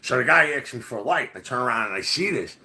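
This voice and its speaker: A man's voice: mid-range voice, animated, fast talker, bright, forceful tone. A man casually telling a rambling, profane story full of fillers. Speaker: podcast host.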